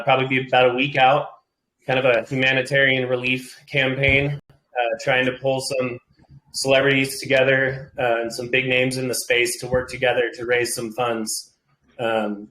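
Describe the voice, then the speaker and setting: A man's voice: medium pitch, bright, forceful tone, echoey room, rough recording. A man hosting a casual community livestream. He is under the weather and talks in a rambling, emotional way. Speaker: host.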